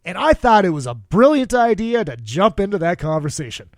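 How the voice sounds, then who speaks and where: A man's voice: sits high, sing-song, brisk, no echo, clean studio sound. Profane, rambling man podcast host. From upper Midwest of the US. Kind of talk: casual podcast chat.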